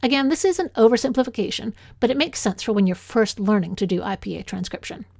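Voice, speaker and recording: A woman with a Canadian accent, a linguistics instructor reading a lecture in a clear, measured way, slowing down to sound out example words. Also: a little high, animated, a little mellow, no room sound, clean studio sound. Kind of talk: scripted lecture narration.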